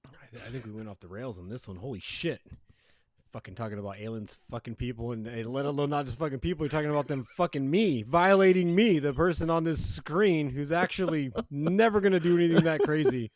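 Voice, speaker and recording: A man's voice: on the high side, brisk, dry recording. A man co-hosting a podcast in casual chat, rambling and profane with frequent fillers, on a close mic. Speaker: podcast co-host.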